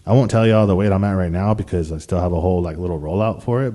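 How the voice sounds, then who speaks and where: A young male vlogger with a low, mellow voice talks fast as he tells his viewers a story. He rambles casually, swears heavily, leans on slang, and keeps restarting his sentences.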